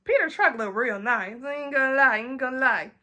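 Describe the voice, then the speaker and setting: A young woman, animated and acting out her friends' voices as she talks. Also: high voice, lo-fi sound, background noise. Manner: animated, acts out friends' lines in quick quoted voices. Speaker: vlogger. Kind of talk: storytime vlog.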